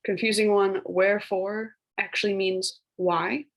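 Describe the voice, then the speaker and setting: A young woman teacher talks her class through a recorded lesson, loose and chatty, full of filler words. Her voice has a husky, slightly breathy grain at a middle pitch. Now and then she slips into playful, mock-fancy voices. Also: flat delivery, measured pace, low-quality recording. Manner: casual, chatty, many "like" fillers; puts on playful voices for old phrases.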